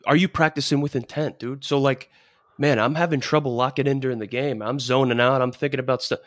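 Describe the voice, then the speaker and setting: A man's voice: medium pitch, steady tone, a little fast, a bit bright, dry recording. A man co-hosting a podcast, giving emphatic advice full of rhetorical questions and "dude.". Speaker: podcast co-host. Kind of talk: casual coaching advice chat.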